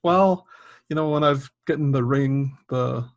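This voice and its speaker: Un homme canadien d'âge mûr, au ton décontracté et autodérisoire, anime un podcast en toute simplicité, la voix d'une hauteur moyenne. Son micro faiblit et baisse de niveau par moments. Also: male voice, mid-range voice, unhurried. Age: middle-aged. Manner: easygoing, self-mocking, many fillers. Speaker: podcast co-host. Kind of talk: casual chat. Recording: level drops out and goes quiet.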